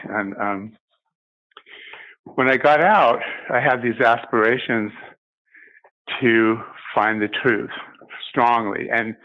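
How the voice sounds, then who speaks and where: An older man giving a personal testimony as an interview guest, speaking haltingly with many pauses and restarts. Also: lowish voice, muffled recording.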